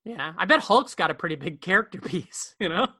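Bright, rambling podcast guy. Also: sits high, expressive, gravelly, breathy edge, no echo. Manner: rambling, jokey, talks fast and repeats words. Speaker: podcast co-host. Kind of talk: casual chat. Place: bedroom at home.

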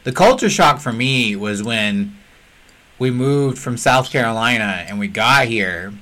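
A young man hosting a podcast, chatty and quick to jump in with casual conversation. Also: medium pitch, lively intonation, pushed and bright. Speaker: podcast host.

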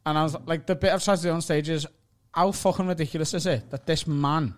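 A man's voice: on the high side, fairly even intonation, fast talker. A young man with a Liverpool accent, telling a story in casual podcast chat, acting out the other people's lines and swearing freely. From Liverpool, England. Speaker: comedian, podcast co-host.

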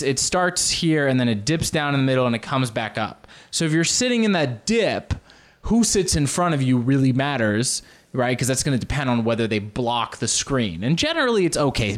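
A man telling casual, rambling stories on his own show, often jumping into loud comic impressions. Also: mid-range voice. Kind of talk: casual solo storytelling.

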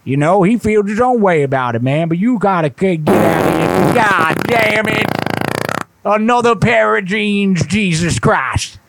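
A man's voice: high voice, expressive, unhurried, very noisy, full character voice. Man putting on a cranky cursing old grandpa. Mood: irate grumbling. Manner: ranting, profane, rough slang grammar. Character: cranky foul-mouthed old grandpa at a bingo hall. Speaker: prank caller.

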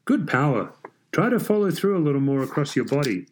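A man's voice: high voice, sing-song, unhurried, a little mellow, slight background noise, pitched above the performer's own voice. A man voicing an earnest husband coaching his wife at tennis, with upbeat, encouraging calls.

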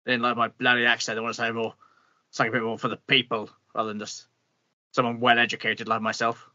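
A man's voice: medium pitch, monotone, fast talker, sharp tone, no room sound, dull audio. A man playing a pompous, bitter older meteorologist with an upper-class English accent, blustering and grumbling in an improvised comedy interview. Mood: indignant. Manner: blustering, grumbling, swears mildly.

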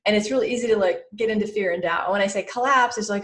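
A middle-aged woman, a podcast guest who mentors business owners, talking lively and acting out inner voices. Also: mid-range voice, a little fast, hardly any pauses. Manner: animated, acts out inner voices in quotes. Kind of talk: podcast interview.

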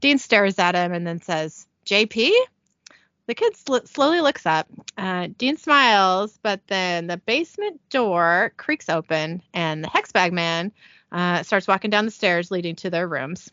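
Giggly, bright-voiced woman podcaster. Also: on the low side, expressive, measured pace, no room sound, lo-fi sound. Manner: chatty, giggly, irreverent. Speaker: podcast host. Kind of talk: casual episode recap.

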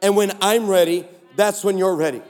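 A man voicing God, speaking low and hushed to coax and reassure. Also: steady tone, moderate pace, lightly acted. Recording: echoey large hall.

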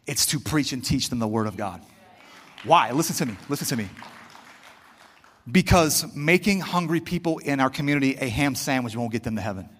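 A man's voice: mid-range voice, animated, fairly quick, fairly bright tone, big-room sound. A male pastor preaching a fervent, conversational sermon straight to his congregation.

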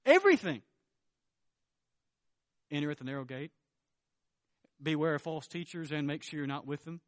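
A man preaching a sermon as pastor, emphatic, swinging between loud declarations and low, earnest tones. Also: fairly even intonation, brisk, no room sound.

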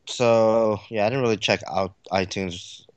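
一位男性播客联合主持人，随意闲聊，说话啰嗦，常带填充词，笑声不断。. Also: male voice, fairly low pitch, steady tone, measured pace, clear, resonant tone, no room sound. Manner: rambling, filler-heavy, laughs easily. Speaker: podcast co-host. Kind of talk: casual chat.

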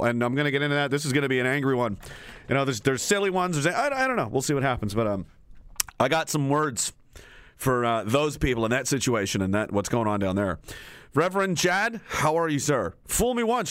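A man's voice: medium pitch, fairly bright tone, no room sound, studio quality. A man hosting a livestream show, rambling and swearing freely, laughing often as he reads chat comments aloud. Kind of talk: profane, rambling livestream rant.

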